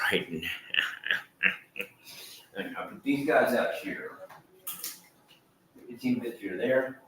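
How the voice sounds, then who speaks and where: A man's voice: on the low side, a little hiss or hum. A middle-aged man rambling casually on a livestream, swearing now and then. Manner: rambling, swears casually, shifts into loud scolding and prayer. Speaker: vlogger livestreaming with his dogs.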